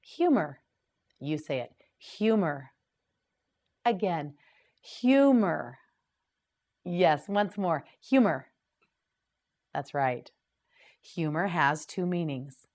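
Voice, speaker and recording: A woman leads a beginner vocabulary drill, saying every word with careful, deliberate enunciation. She speaks extremely slowly, leaving long gaps for repetition. Her voice sits a little on the low side. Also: animated, a little mellow. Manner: patient, clearly enunciated repetition. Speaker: English teacher.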